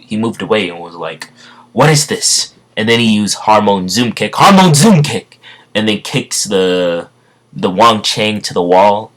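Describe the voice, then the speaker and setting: A man casually retelling a story off the cuff, rambling and halting, with many fillers and self-corrections. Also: lowish voice. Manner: stumbles over words. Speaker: fan storyteller.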